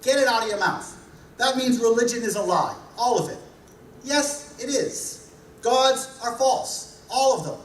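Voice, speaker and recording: Brash higher-voiced male speaker with a New Jersey accent, wry and blunt, heard from a distance with faint room noise. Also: expressive, moderate pace. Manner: blunt, joking, punchy repetition. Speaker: conference speaker. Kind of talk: humorous conference talk. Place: large hall. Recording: echoey hall recorded from a distance.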